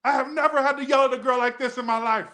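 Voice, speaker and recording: A man doing an impression of a female TV host yelling at a contestant, high and exasperated. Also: steady tone, fast talker. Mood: scolding.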